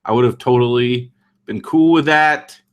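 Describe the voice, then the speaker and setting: A man's voice: medium pitch, moderate pace. A man co-hosting a podcast, chatting casually and often chiming in with short agreeing remarks. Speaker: podcast co-host. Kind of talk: casual chat.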